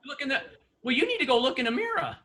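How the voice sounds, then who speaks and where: A man's voice: very high voice, big pitch swings, quick pace, creaky, noisy background. A man coaching real estate agents in an online session, chatty, laughing often and quizzing the audience.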